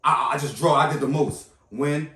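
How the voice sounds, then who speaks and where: A man's voice: fairly high pitch, normal speed, a bit bright. A man vlogger retelling a confrontation in a heated, casual way, repeating points for emphasis. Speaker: vlogger recounting an incident. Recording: echoey room, mic at a distance.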